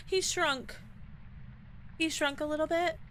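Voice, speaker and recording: Woman streamer, slightly high voice, slow flustered chat, faint noise behind. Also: fairly even intonation, fairly bright tone, rough recording. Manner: flustered, panicky, talks to chat. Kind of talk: casual live-stream chat. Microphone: desk microphone.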